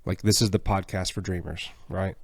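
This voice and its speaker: A man's voice: deep voice, fairly even intonation, normal speed, creaky, husky, no room sound. A man co-hosting a podcast, thoughtful and asking questions. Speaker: podcast co-host. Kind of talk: casual podcast conversation.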